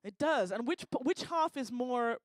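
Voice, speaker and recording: Speaking at normal speed with lively intonation, a woman with a slightly high voice hosts a live event on a lecture hall stage. She teases and jokes with the audience in stand-up style crowd work, heard in a dry recording.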